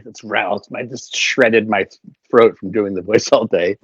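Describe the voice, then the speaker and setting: A man's voice: mid-range voice, moderate pace, gravelly, a bit bright, husky, no room sound. A man, a puppeteer and voice actor, chatting animatedly as an interview guest and filling his talk with fillers. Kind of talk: casual interview storytelling. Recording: slightly dull, dry recording.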